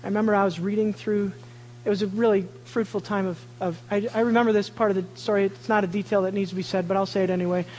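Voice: mid-range voice, steady tone, quick pace, darkish tone, long reverb tail, slight background noise, low-quality recording. A preacher giving a sermon, telling a family story and acting out the voices of the people in it.

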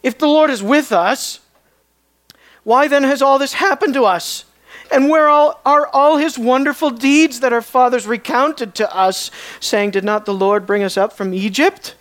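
A Bible teacher acting out an exasperated young man from scripture who protests and complains in a raised, higher voice. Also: measured pace, a bit bright. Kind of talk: dramatic Bible reading in a lesson.

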